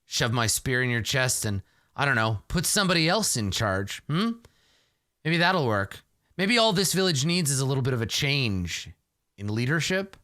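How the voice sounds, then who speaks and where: A man's voice: on the high side, very animated, normal speed, long pauses, a bit bright, no room sound, studio quality. A man voicing a young female adventurer who makes blunt threats with a spear. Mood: snarling. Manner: snarling, threatening.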